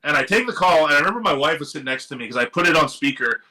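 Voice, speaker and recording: A middle-aged man from Seattle, a guest musician telling a long story in a casual, animated interview, swearing now and then and acting out what other people said. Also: fairly high pitch, rapid-fire, low-quality recording. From Seattle area. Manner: animated, swearing, quotes others in lively voices. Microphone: live stream microphone.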